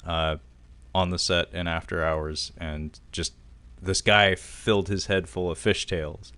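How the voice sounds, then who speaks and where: A man co-hosting a film podcast, telling stories in relaxed casual chat. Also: low voice, a little slow, clean tone, no echo. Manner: relaxed storytelling with fillers and laughs. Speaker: podcast co-host.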